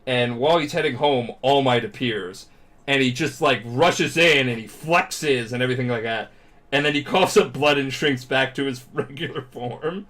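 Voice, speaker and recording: A drunk man hosts a casual podcast, retelling a story with lots of swearing and animated energy. His voice sits at an ordinary middle pitch. His delivery is loose and unscripted. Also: moderate pace. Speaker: podcast host.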